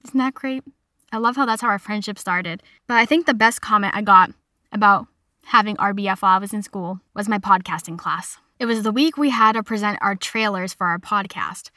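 A young woman in her twenties telling a casual personal story in a chatty, animated way, quoting other people as she goes. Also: mid-range voice, brisk, no room sound, studio quality. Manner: chatty, animated retelling with quoted voices.

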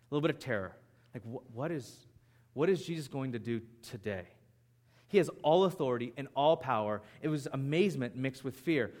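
A man preaching a sermon as pastor, in an animated, conversational way. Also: a little high.

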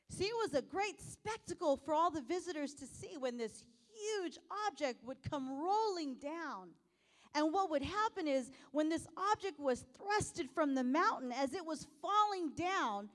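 A woman preaching a sermon, laughing often and asking the audience questions, going from soft asides to loud exclamations. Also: high voice.

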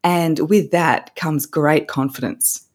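A woman's voice: low-pitched, steady tone, slow pace. A woman, a voice coach, explaining her course in an upbeat, instructive way as an interview guest. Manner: upbeat, instructive, demonstrates vocal techniques.

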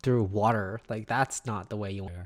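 A man's voice: on the low side, fairly even intonation, normal speed, a loud crowd. A man co-hosting a casual podcast chat, laughing often and swearing in playful banter. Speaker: podcast co-host.

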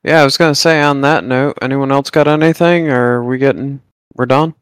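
A man with a smooth, resonant voice chats casually as a podcast co-host, relaxed and loose with the swearing. The sound is dry and close, with no room around it. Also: mid-range voice, a little fast, dry recording, low-quality recording. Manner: laid-back, swears freely. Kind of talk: casual chat.

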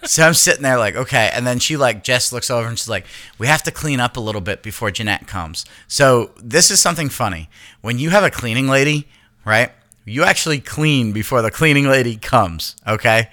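A man in his thirties co-hosting a podcast, telling profane, animated stories with laughs in casual chat. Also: medium pitch, a little fast. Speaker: podcast co-host.

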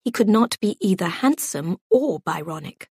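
A woman narrating an audiobook in a measured, gently expressive storytelling voice. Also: medium pitch, breathy edge, no echo, studio quality.

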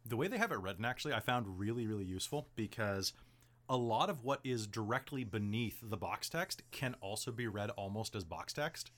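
On his casual podcast, a man whose voice is on the low side but a bit bright rambles animatedly and briskly through game-master advice. He's chatty, and "like" and "um" come up constantly.

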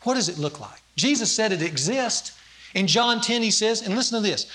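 A man preaching a sermon in a high, ringing voice. He tells stories and acts out quotes, building to emphatic peaks and then dropping low for weight. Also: animated, normal speed, bright, forceful tone. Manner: storytelling with acted quotes, rising emphasis.

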